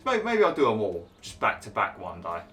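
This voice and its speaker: A man's voice: lowish voice, huge pitch swings, fairly quick, a bit bright, a little hiss or hum. A man giving casual gameplay commentary in a cheeky, blunt, chatty way. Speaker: gaming video host.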